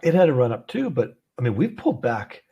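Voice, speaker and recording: A man from Canada runs a live trading show out of an office, chatty and rambling with many fillers and easy laughs. His medium-pitched voice is very animated, a little fast and breathy-edged, and the audio sounds dull.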